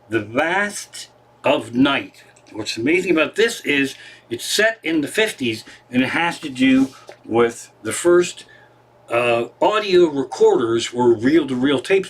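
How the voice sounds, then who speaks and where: A husky-voiced male comedian who rambles from one topic to the next on a home livestream. He swears freely, and his pitch swings up and down a lot while he talks. His voice sits a bit on the high side for a man. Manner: profane, rambling, digressive. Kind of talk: rambling stand-up monologue on a livestream. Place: living room at home.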